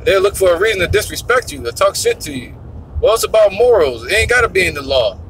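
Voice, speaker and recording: A man talks scripture in a loose, rambling way, swearing as he goes and speaking bluntly. His voice sits a little high. Faint road noise hums behind him. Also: animated, fast, a bit bright. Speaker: religious teacher. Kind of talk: casual preaching monologue.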